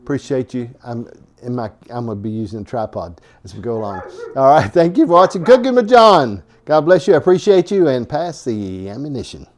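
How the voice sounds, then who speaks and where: A man's voice: mid-range voice, sing-song, brisk, hardly any pauses, a little hiss or hum. A man hosting his own home cooking vlog, talking in a folksy, rambling way with chuckling asides. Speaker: home cooking show host.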